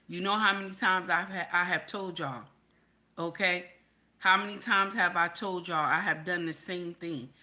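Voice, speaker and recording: A woman's voice: on the low side, pushed and bright. A woman hosting a casual livestream, chatty, calling viewers baby and honey and repeating herself for emphasis. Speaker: livestream host.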